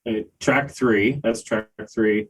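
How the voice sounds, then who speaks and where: An older man co-hosting a music review podcast, talking in a casual, hesitant way with many pauses and fillers. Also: fairly low pitch, fairly even intonation, poor audio. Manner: slow, hesitant, many ums and uhs. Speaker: podcast co-host reviewing albums. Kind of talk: casual chat.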